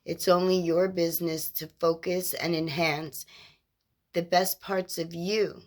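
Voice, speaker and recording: Woman, spiritual mentor, inspirational monologue, gentle, reassuring, unhurried. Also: on the low side, steady tone. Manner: slow, measured, drawn-out phrasing with lists of words.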